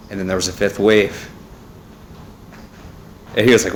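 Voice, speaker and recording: A man's voice: fairly low pitch, normal speed, pauses often, slight background noise. A young man rambling at home in a casual monologue, full of fillers and asides, recorded on a phone. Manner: meandering, with frequent fillers and asides. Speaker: vlogger. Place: family home, indoors. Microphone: phone on a neck holder.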